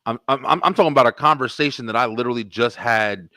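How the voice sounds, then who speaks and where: A middle-aged man hosting a podcast, telling stories in an animated, profane way. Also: medium pitch, fast, no echo, studio quality. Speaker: podcast host. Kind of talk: casual podcast chat.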